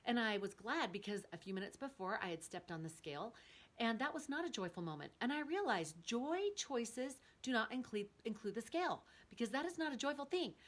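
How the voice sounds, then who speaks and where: Earnest, animated middle-aged woman. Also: a little high, fairly quick. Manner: earnest, animated storytelling with rising excitement. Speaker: host. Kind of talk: casual personal talk.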